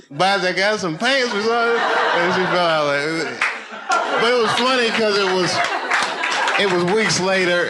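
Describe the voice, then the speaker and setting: A man's voice: on the high side, pushed and bright. A man telling loose, profane, rambling stories as a stand-up comedian on a comedy club stage. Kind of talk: live stand-up storytelling.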